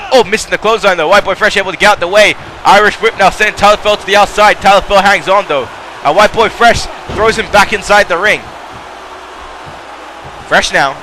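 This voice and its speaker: A man giving excitable play-by-play commentary on a wrestling match, calling out moves, shouting at the big spots and drifting into rambling asides to the audience. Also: high voice, slight background noise.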